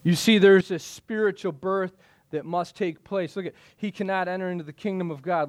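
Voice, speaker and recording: Male pastor, middle-aged, high voice, emphatic sermon delivery with repeated punchlines. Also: steady tone, moderate pace. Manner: emphatic, repeats key phrases, drops low for stress.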